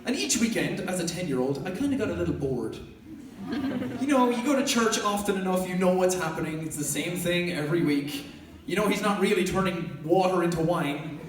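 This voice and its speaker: A young Irish man hosting a live stage show, telling funny stories to an audience in an energetic, loud, jokey way, often laughing as he talks. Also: high voice, a little fast, background noise. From Ireland. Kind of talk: stand-up storytelling to a live audience. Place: large concert hall with a live audience. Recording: echoey hall recording from far off, loud crowd.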